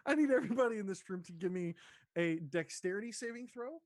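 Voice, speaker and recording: A man narrating as dungeon master in a tabletop game, describing scenes haltingly with many fillers. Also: very high-pitched, wildly swooping pitch, dry recording.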